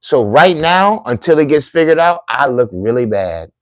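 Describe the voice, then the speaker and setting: Middle-aged man, mid pitch, earnest sermon-like talk to camera viewers, dead dry sound. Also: sing-song, normal speed, no echo. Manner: preachy, emphatic, repetitive phrasing. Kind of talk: heartfelt monologue to viewers.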